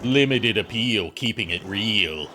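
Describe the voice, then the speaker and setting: Lively man narrating his gameplay. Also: fairly low pitch, noisy background. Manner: jokey, narrates his play with filler pauses. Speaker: streamer host. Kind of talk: casual gameplay commentary.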